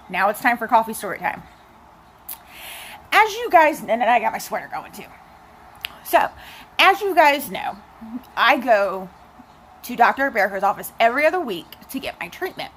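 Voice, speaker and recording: A woman's voice: on the high side, slight background noise. Chatty young woman telling a story. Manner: chatty, animated storytelling with asides to viewers. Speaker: vlogger. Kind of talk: casual storytelling vlog.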